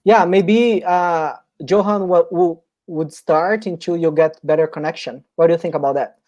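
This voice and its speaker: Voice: medium pitch, fairly even intonation, normal speed, a little mellow, dull audio. A moderator on a video call, chatting casually and laughing easily. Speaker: workshop moderator.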